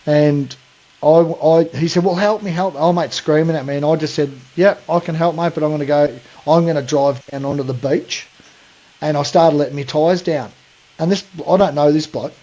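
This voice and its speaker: A man's voice: fairly high pitch, fairly even intonation, normal speed, warm tone, muffled recording. An Australian man co-hosting a podcast, talking bluntly in casual chat and calling people mate. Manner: blunt, ranting, says mate a lot. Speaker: podcast co-host.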